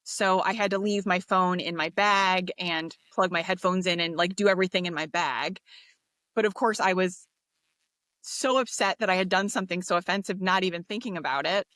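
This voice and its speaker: A woman, a podcast guest, telling a story in an interview, animated and acting out the voices of people she quotes. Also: fairly low pitch, normal speed, no room sound. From United States.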